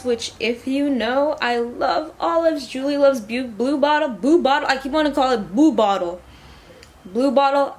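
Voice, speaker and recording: A woman's voice: on the high side, slight background noise. Chatty young woman vlogging. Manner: chatty, rambling, addresses viewers as y'all. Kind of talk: casual vlog chat.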